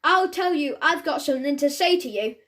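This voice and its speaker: A woman's voice: high-pitched, lively intonation, fairly quick, fairly bright tone. Mr Goon, a woman doing a pompous policeman. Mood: stern. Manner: blustering, bossy, drops grammar. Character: pompous, suspicious village policeman, male, middle-aged.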